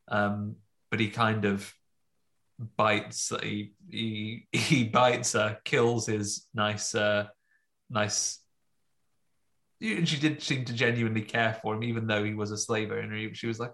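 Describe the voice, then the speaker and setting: A man casually recapping a film with friends, jokey, slipping into quick voices for the characters. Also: lowish voice, fairly even intonation, fairly bright tone. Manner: jokey, acts out lines in quick put-on voices. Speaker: podcast co-host recapping a film. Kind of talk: casual chat.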